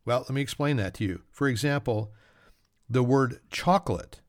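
A man's voice: mid-range voice, normal speed, no echo, clean studio sound. A man hosting a solo trivia podcast, reading facts with joking, self-mocking asides. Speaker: podcast host.

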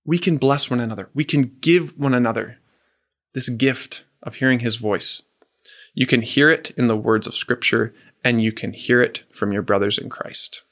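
A married man preaching a sermon, earnest and emphatic, slowing down and questioning the audience. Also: medium pitch, a bit bright.

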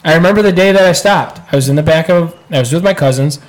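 A man's voice: a little high, quick pace. A man co-hosting a podcast, rambling through a childhood story with laughs, in casual chat. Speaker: podcast co-host.

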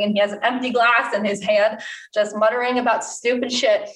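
A woman's voice: a little high, fairly even intonation, fairly quick, fairly bright tone. A young woman, a bartender, telling a story in casual chat, laughing often and chatty with fillers. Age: young adult. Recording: echoey room from a distance.

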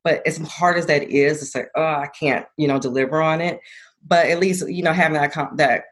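A woman's voice: low-pitched, fairly even intonation, brisk. Earnest young woman, reflective interview guest. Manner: reflective, earnest, laughs easily. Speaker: guest, former college athlete turned entrepreneur. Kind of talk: conversational interview.

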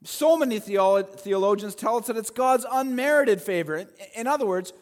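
A man preaches with a high, lively voice that rises and falls over a wide range. His delivery swings from loud, pressing points to quiet asides. The sound rings out in a long hall reverb, as in a church sanctuary. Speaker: pastor. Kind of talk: sermon. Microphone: handheld or headset mic with feedback.

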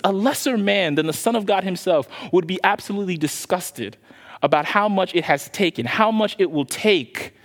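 Male pastor, fervent sermon into hushed prayer, slightly high voice, big reverberant hall. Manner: impassioned preaching, then soft slow prayer.

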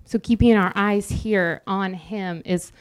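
Woman preaching in a smooth, chatty way. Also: mid-range voice, fairly even intonation, takes it slowly. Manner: conversational, jokes with the congregation. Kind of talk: sermon.

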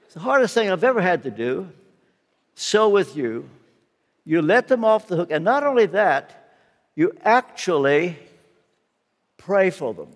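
A man's voice: sits high, very animated, a little slow, long pauses. An older man preaching a sermon, telling a personal story in an earnest, emphatic way. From United States. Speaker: guest preacher. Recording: long hall reverb.

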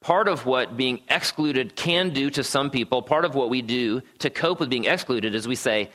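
A man's voice: medium pitch, moderate pace, fairly bright tone. A man preaching a sermon to a room in a conversational way, often checking in with "right?" and adding wry asides. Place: church gathering room.

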